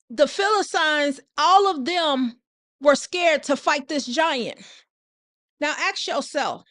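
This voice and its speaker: Very high-voiced woman preaching slowly. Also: fairly bright tone. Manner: repeats phrases and asks listeners rhetorical questions; greets viewers by name while preaching. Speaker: host and preacher. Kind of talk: preaching on a live stream.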